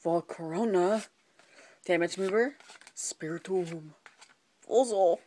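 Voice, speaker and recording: A woman with a darkish, mid-range voice hosts a card unboxing video, speaking slowly and pausing often. As she opens packs, she calls out each card's name one by one and sometimes slips into a whisper.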